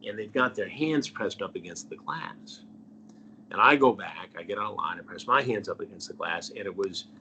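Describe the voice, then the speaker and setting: Slight background noise sits under this middle-aged man's low, fairly bright-toned voice. He's an investigative journalist appearing as an interview guest, earnestly recounting a story and trailing off almost to a whisper at the end of phrases.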